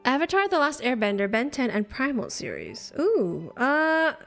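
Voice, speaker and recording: Woman streamer, casual live chat, talks to viewers by name, laughs often, slightly high voice, soft music behind. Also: wildly swooping pitch, normal speed, gravelly.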